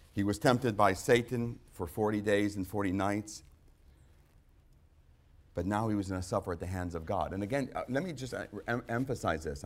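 A male preacher giving a sermon, repeating phrases for emphasis and swinging from quiet to loud, strained outbursts. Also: on the low side, husky. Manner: acts out quoted prayers in a strained, rising voice. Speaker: pastor.

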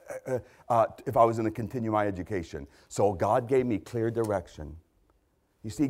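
A man's voice: mid-range voice, darkish tone. A man preaching a sermon, impassioned, asking rhetorical questions and repeating key phrases for emphasis.

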